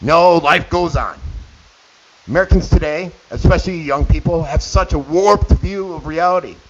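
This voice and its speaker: A man's voice: a little high, moderate pace. A middle-aged man hosting a radio show, delivering an indignant opinion monologue with sarcastic asides. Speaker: radio host. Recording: dull lo-fi with faint hiss.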